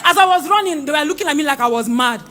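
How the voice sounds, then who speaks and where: A young Nigerian woman giving an excited church testimony, exclaiming and repeating phrases. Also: high-pitched, racing. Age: young adult.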